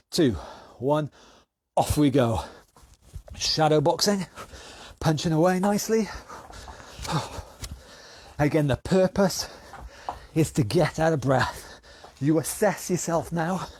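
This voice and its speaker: A man from the United Kingdom, a fitness instructor leading an online exercise class with energetic counted cues. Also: a little high, no echo.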